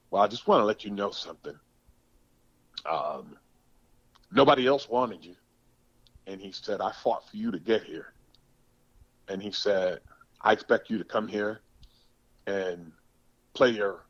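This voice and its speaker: Deep-voiced man in his sixties telling stories. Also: unhurried, long pauses, no room sound, highs cut off. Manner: animated storyteller, emphatic, repeats words. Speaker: podcast guest, former pro football player. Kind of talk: storytelling interview.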